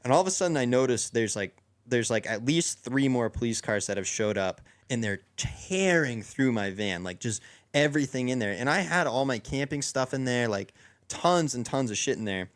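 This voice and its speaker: A young man tells a long story to his friends in a loose, rambling way, circling back with fillers and restarts. His voice sits in an ordinary middle pitch, and the delivery feels casual and chatty. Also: lively intonation, moderate pace. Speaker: podcast co-host.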